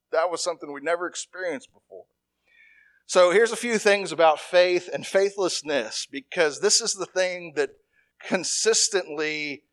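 A man's voice: on the high side, a bit bright. Man teaching the Bible in a loose, chatty way. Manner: conversational, with frequent restarts and repeated words. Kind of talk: informal Bible study teaching.

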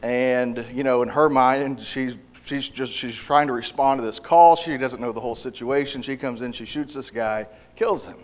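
A man delivers a sermon in a mid-pitched voice. He speaks earnestly and haltingly, stumbling over his words, repeating them and restarting his sentences. He pushes louder on the phrases he means to stress. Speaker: preacher.

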